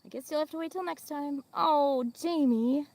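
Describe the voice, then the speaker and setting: A woman's voice: high-pitched, moderate pace, darkish tone, no echo. A woman with a Midwestern accent hosting a casual livestream outdoors on a farm, chatty and laughing often as she talks to her viewers and animals. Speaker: livestream host.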